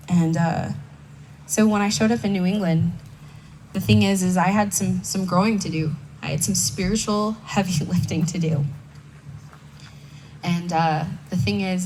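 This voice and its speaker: A woman's voice: fairly low pitch, darkish tone. A young woman speaking candidly at a recovery meeting, telling her personal story in a conversational way with self-mocking asides. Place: conference hall stage. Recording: distant mic with faint background noise.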